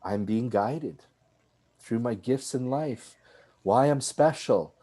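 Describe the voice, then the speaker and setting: A man being interviewed as a filmmaker, telling a personal story in an animated way with frequent "like"s and restarts. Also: mid-range voice, slow pace. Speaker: filmmaker guest.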